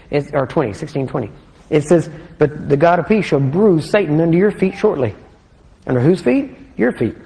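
A man preaching a sermon in a conversational way, often putting questions to his listeners and slowing down to read scripture aloud. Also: a little high, mellow. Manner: conversational, asks the congregation questions. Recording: long hall reverb.

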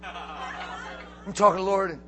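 A man preaching a storytelling sermon, animated and often laughing, breaking into shouts for emphasis. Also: high-pitched, unhurried, music in the background.

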